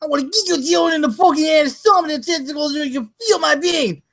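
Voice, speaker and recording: A man doing a raging boxer's sales pitch. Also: fast talker, gravelly, full character voice. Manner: shouty, menacing, crude.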